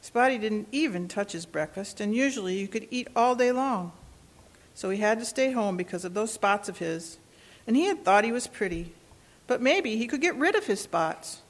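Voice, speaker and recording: A woman reading a children's storybook aloud in a gentle, expressive way. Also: mid-range voice, moderate pace.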